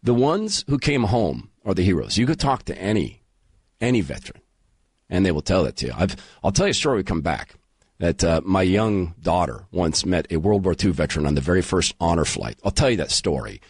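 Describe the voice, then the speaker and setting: A man around fifty hosting a talk radio show, emphatic and animated, taking calls. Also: low voice, a little fast, breathy edge, no echo. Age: 50s. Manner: animated, emphatic, turns emotional. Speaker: guest radio host. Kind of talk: talk radio monologue and call-in.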